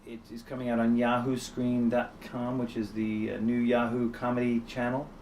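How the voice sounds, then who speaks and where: A man's voice: medium pitch, level tone, normal speed, darkish tone, recorded from a distance, slight background noise. A man in his forties answering with many fillers and dry jokes in a casual interview. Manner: hesitant, many fillers, joking. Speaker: interviewee, actor.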